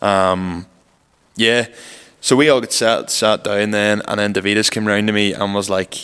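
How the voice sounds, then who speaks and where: A man's voice: fairly low pitch, fairly even intonation, moderate pace, a bit bright, clear, resonant tone, big-room sound. A man co-hosting a podcast, telling stories in a casual, rambling way full of fillers. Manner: rambling storyteller, lots of "like" fillers. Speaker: podcast co-host. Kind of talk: casual chat.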